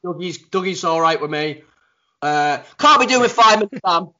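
A man co-hosting a podcast, joking and rambling in animated casual banter. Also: high-pitched, normal speed, highs cut off. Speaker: podcast co-host.

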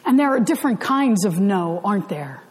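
A woman's voice: medium pitch, very animated, normal speed. A woman pastor giving a sermon, telling the story in a conversational way with dry humor, recorded in a church sanctuary. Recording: church hall reverb.

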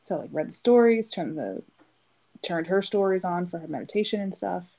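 Woman in her thirties, podcast co-host, gravelly lowish voice with a husky edge, chatty storyteller. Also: animated, moderate pace, mellow, low-quality recording. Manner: chatty storytelling, acts out quotes. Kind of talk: casual chat.

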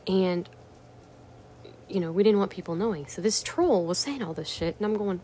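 A woman's voice: medium pitch, normal speed, mellow, slight background noise. A woman host telling a personal story in a casual, rambling way, swearing freely and filling gaps with "you know". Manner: rambling, frank, swears freely, many fillers. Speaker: podcast host.

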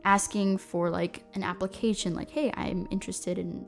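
A woman's voice: mid-range voice, steady tone, normal speed, vocal fry, soft background music. Chatty young woman guest, laughing easily. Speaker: podcast guest. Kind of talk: casual interview chat.

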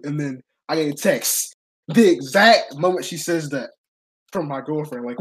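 A young man hosting a casual podcast, telling a story in an excitable, rambling way with frequent laughs. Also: a little high, moderate pace, slightly rough, rough recording. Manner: excitable, laughs often, rambling with many restarts. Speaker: podcast host.

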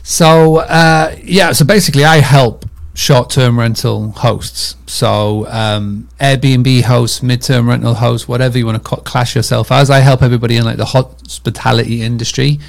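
Man, Northern English accent, gravelly voice, chatty podcast guest, lots of fillers. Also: mid-range voice, fairly even intonation, normal speed, hardly any pauses. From England. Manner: chatty, storytelling, frequent fillers. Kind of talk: casual interview chat.

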